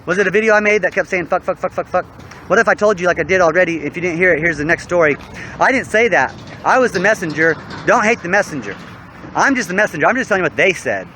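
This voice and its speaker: A young man rambles outdoors in a preachy, profane monologue, his voice high and bright. He talks straight at the camera. The faint hum of traffic runs behind him. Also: animated, fast, low-quality recording. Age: young adult. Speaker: online game player.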